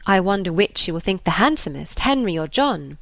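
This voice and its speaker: A woman voicing a confident, clever young lady in an audiobook, brisk and reassuring. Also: fairly low pitch, sing-song, creaky, a bit bright, no room sound, heavily acted. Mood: assured.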